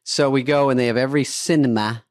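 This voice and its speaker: A man's voice: mid-range voice, steady tone, fast, no room sound, studio quality. Rambling man telling a comic anecdote. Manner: rambling, self-interrupting anecdote teller. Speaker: podcast co-host. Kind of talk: casual comedic storytelling.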